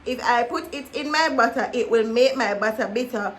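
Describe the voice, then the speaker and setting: A woman's voice: fairly high pitch, moderate pace, slight background noise. A woman vlogger taking on a tongue-twister challenge, giggling and stumbling over the words.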